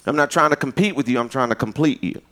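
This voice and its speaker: Animated preacher man, lively sermon. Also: fast talker. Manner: animated storytelling, jumps to high excited pitch for quoted voices.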